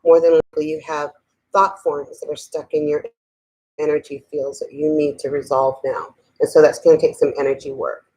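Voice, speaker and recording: A middle-aged woman teaching a spiritual talk in a conversational way, often asking "okay?", then slowing and softening to lead a guided meditation. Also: deep voice, steady tone, husky, rough recording. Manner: slows and softens while guiding breathing.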